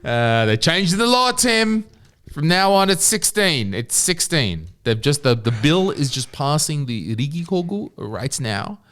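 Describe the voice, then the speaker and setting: A man's voice: fairly high pitch, unhurried. An Australian man co-hosting a podcast in a studio, ranting and swearing in casual chat. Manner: ranting, profane, animated storytelling. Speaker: podcast co-host.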